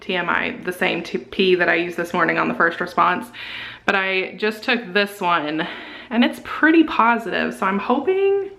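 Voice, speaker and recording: A young woman vlogging to camera, chatty and excited, full of likes and quick asides. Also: on the low side, gravelly, rough recording. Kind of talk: casual vlog to camera.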